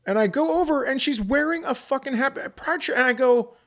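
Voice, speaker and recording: A man's voice: extremely high pitch, fairly quick, fairly bright tone. A middle-aged male comedian hosting a podcast, telling a story in profane casual chat and acting out both sides of the conversation.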